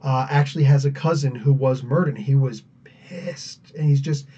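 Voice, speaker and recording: A man's voice: mid-range voice, moderate pace, dark tone, slightly rough. A man from the United States hosting a podcast, chatting casually in a rambling way and laughing often. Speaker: podcast host. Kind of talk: casual live Q&A chat. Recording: dull lo-fi audio.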